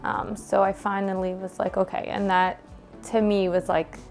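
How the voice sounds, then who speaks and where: A woman's voice: medium pitch, monotone, moderate pace, gravelly, a little mellow, faint music behind. A woman in her thirties with a New York accent, talking candidly and emotionally with many fillers and restarts. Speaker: gym member interviewed by her coach. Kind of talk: candid personal conversation.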